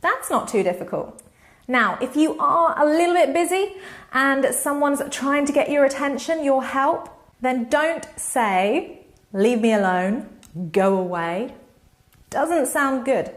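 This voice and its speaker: A woman teaching an online lesson, with clear, expressive delivery and sweeping intonation. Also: high-pitched, measured pace. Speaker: English teacher.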